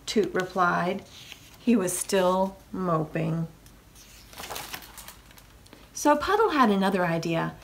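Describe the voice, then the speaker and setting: A woman librarian reading a picture book aloud to children, expressive and coaxing as she invites them to join in. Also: fairly low pitch, slow, gravelly, long pauses, a little hiss or hum.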